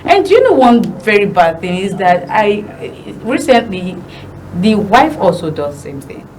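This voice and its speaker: A woman co-hosting a casual news chat, expressive and quick to laugh. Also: mid-range voice, slight background noise, rough recording. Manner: laughs often, animated and expressive. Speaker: news show co-host.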